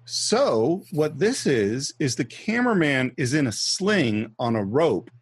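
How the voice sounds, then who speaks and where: Husky guy on a movie podcast, chatty, telling how shots were made. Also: fairly high pitch, slow pace, dry recording. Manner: lively storyteller explaining scenes and behind-the-scenes facts. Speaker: podcast host. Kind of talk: casual film-discussion chat.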